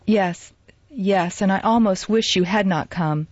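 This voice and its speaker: A woman voicing an ailing, sad and forgiving middle-aged man who murmurs quietly and huskily in a storybook reading. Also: mid-range voice, unhurried, slightly rough, no room sound. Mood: weary. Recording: dull lo-fi dry recording.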